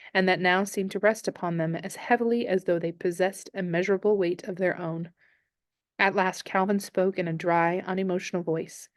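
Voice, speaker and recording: A woman teacher reading a novel aloud to her class in a calm, steady storytelling manner. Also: lowish voice, no room sound, studio quality.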